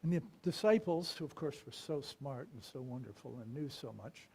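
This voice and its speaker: A man giving a sermon as a minister, telling stories and swinging from loud lines to whispered ones. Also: a little high, lively intonation, fairly quick, hardly any pauses, slightly rough.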